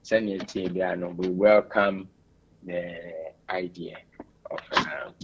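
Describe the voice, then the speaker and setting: A man with a Ghanaian accent, a radio interview guest giving measured, explanatory answers. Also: low voice, little pitch movement, a bit bright, husky, highs cut off.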